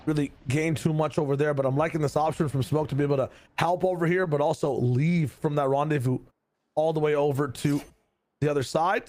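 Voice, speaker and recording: A man's voice: a little high, darkish tone, slight background noise. A man casting an esports match live, calling plays and joking with his co-casters. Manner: quick, joking banter between plays. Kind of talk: esports play-by-play commentary.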